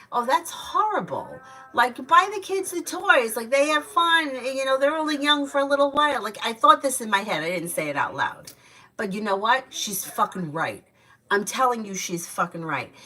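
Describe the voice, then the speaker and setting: A woman with a fairly low voice runs a casual tarot livestream. Between readings she rants bluntly and sounds exasperated, swearing freely. She talks like a mother at the end of her rope. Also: sharp tone, low-quality recording. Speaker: tarot reader and livestream host.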